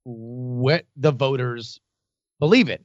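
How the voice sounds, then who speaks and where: A man co-hosts a talk radio show, explaining political history in long, halting stretches. The sound is slightly dull and dry. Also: medium pitch, no echo. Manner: explanatory, lots of fillers and restarts. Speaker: radio co-host.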